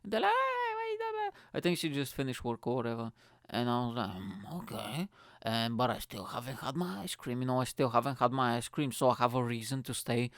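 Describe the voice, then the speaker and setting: A man's voice: mid-range voice, fast talker, a bit bright, clean tone, no room sound. Chatty swearing male podcast host. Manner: chatty, swears freely, says "mate" a lot. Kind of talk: casual comic storytelling. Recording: dry close-miked voice.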